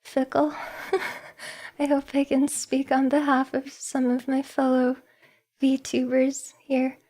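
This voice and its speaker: A woman's voice: sits high, warm tone. A woman VTuber chatting casually on a livestream, giggly, emotional and self-deprecating, nervous with shaking hands. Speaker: VTuber streamer.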